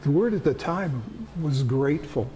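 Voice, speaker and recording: An older man as an earnest widower, fairly high and animated voice, heartfelt delivery, faint room noise. He sounds open and thankful. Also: normal speed, natural voice, rough recording. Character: grateful widower moved by an article.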